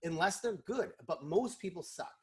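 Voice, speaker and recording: A man, a guest in a casual interview, explaining sales calls and acting out quick snippets of phone chats. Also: high voice. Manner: animated, acts out phone calls.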